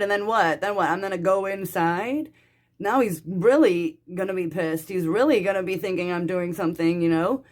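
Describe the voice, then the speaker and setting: A woman's voice: medium pitch, normal speed. A young woman telling a personal story in a rambling, casual way, full of fillers and swearing. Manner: swearing, rambling, lots of "like" and "dude". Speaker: vlogger.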